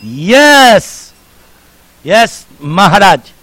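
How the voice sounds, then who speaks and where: A man's voice: sits high, big pitch swings, drawn-out words, a bit bright, poor audio. A man in his sixties giving a sermon, joking and telling anecdotes to the congregation. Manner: jovial, joking storyteller. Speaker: speaker at a temple program.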